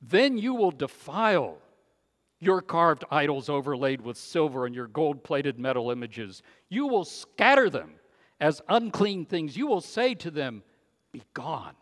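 A man preaching a sermon, emphatic and swinging from loud declarations to hushed, quiet phrases. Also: on the high side, lively intonation, unhurried, in a large hall.

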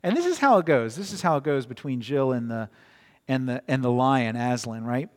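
A man's voice: medium pitch, expressive, normal speed. A man preaching a sermon in a conversational way, often repeating words and checking in with "right?", in a long-reverb hall. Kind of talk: sermon with storytelling.

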